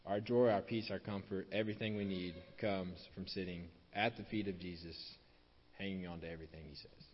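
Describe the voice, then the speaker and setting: A man delivers a sermon in a low voice, driving his points home by repeating them. The recording sounds dull and lo-fi, with a long reverb trailing off through a large hall. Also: fairly even intonation, fairly quick, slight background noise. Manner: repeats key phrases for emphasis, drops softer on closing lines. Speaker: preacher.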